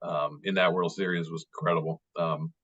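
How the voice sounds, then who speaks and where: Low-voiced man rambling fondly on a video call. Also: level tone, a little fast, a bit bright, husky. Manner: rambling, many fillers and restarts, fond and chatty. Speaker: baseball writer, guest speaker. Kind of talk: casual interview over video call. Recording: dull lo-fi video call audio.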